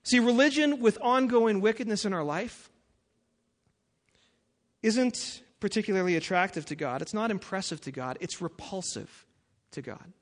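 A pastor giving a sermon and reading scripture aloud, emphatic and building to forceful peaks. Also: male voice, high voice, lively intonation, normal speed.

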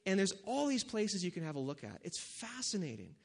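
Conversational male preacher, slightly high voice. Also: huge pitch swings, fairly quick, gravelly, breathy edge. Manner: conversational, asks the audience questions, many fillers. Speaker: pastor. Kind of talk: sermon.

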